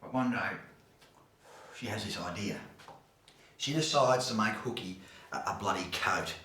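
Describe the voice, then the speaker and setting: A man's voice: fairly low pitch, measured pace, pushed and bright, echoey room, low-quality recording. An Australian man telling a crude, swearing yarn with acted-out voices. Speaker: storyteller.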